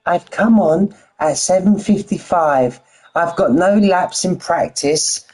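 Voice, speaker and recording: A man doing a higher-pitched impression of a whiny, pleading friend from his racing league. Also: takes it slowly, darkish tone. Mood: complaining. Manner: begging, sing-song.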